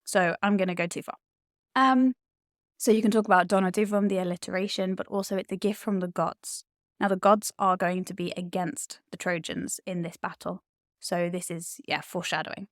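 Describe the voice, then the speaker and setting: A woman's voice: fairly low pitch, steady tone, normal speed, no echo. Chatty woman tutor in a dry room. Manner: enthusiastic, chatty explaining with filler ums. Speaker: Latin tutor. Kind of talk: explaining Latin poetry.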